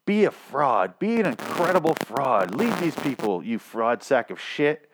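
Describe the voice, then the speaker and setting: A man's voice: mid-range voice, sing-song, measured pace, background noise. A man quoting a blunt, impatient woman in a sarcastic, exasperated tone, barely changing his voice. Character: blunt, impatient adult woman urging a friend.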